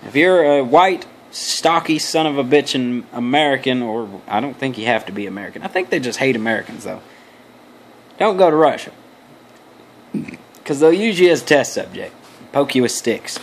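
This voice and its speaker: A man's voice: mid-range voice, expressive, normal speed, a little hiss or hum. Young man rambling crude jokey storytelling. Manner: crude, profane, joking asides; loose, meandering, many restarts. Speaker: vlogger.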